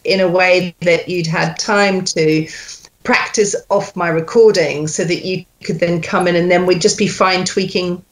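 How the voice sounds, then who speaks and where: A woman's voice: fairly low pitch, steady tone, unhurried. A woman working as a dialect coach over a video call. She patiently drills lines sound by sound. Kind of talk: accent coaching session.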